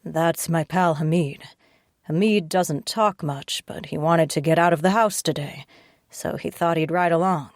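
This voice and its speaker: A flirty, cajoling ex-soldier man with a scarred cheek, speaking low and teasingly, as a woman narrator puts him on. His voice sits deep for the reader, recorded dry and close for an audiobook. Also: unhurried, no echo. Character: flirty scarred male ex-soldier, smooth talker.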